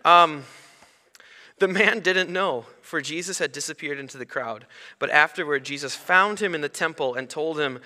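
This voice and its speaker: A man delivers a sermon with a bright, forceful voice that carries a long reverb, as if heard in a church sanctuary. He preaches conversationally and slips into lively, animated asides between passages. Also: fairly high pitch, moderate pace. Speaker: pastor.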